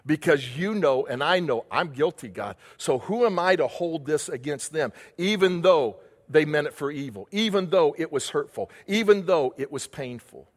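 A man's voice: fairly high pitch, animated, moderate pace, hardly any pauses, big-room sound. A male pastor preaching a sermon, asking the congregation questions and answering them himself.

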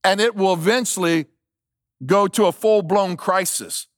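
High-voiced emphatic preacher man. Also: unhurried, no echo, studio quality. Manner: emphatic preaching, repeats key lines, asks the congregation questions. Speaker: pastor. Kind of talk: sermon.

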